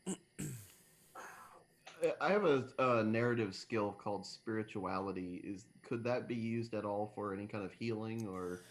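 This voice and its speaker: A man's voice: on the low side, normal speed. A man playing a tabletop game, talking casually and joking. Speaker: player.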